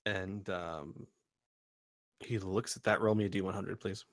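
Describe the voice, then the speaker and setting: A man's voice: low-pitched, fairly even intonation, a little slow, no echo. A man narrating as game master in a casual, chatty way, with fillers and laughter.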